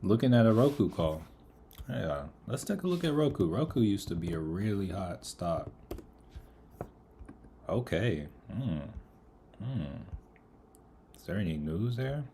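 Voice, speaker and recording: Man, very low voice, warm, laid-back market chat, mouth full, slight background noise. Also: measured pace, long pauses. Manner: relaxed, greets chat viewers by name. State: eating, mouth full of food. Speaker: livestream trader. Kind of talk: casual live market commentary.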